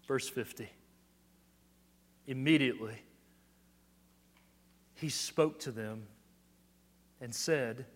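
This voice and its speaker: A man preaching a sermon, explaining scripture verse by verse, building to emphatic peaks and dropping to quiet asides. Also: mid-range voice, slow, long pauses, long reverb tail. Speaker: pastor.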